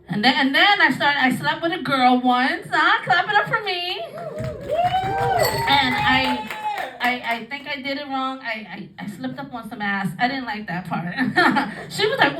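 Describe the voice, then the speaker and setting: A woman's voice: high voice, big pitch swings, measured pace, heavy background noise. A woman in her thirties doing a bawdy stand-up comedy set on a club stage, often laughing through her own jokes. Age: 30s. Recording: roomy club sound from a distant mic with crowd. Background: audience laughing and clapping.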